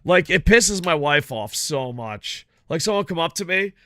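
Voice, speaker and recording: A man streaming a video game, chatting casually with viewers in a profane, rambling, animated way. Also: on the high side, moderate pace, no echo, studio quality. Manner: chats with viewers while playing. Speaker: gaming streamer. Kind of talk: casual live-stream chat over gameplay.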